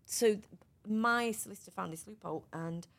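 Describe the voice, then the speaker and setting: A middle-aged guest on a podcast shares her personal story in a lively, outspoken way, restarting sentences often. Her voice is medium-pitched and creaky, at a normal speed.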